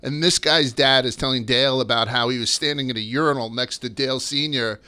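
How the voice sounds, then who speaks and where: A man with a bright, forceful voice hosts a laid-back podcast and spins stories with plenty of swearing. His delivery is clean and crisp, recorded close and dry with no room sound. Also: mid-range voice, fairly even intonation, a little fast, no room sound. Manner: loose and swearing, storytelling. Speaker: podcast host. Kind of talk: casual podcast chat.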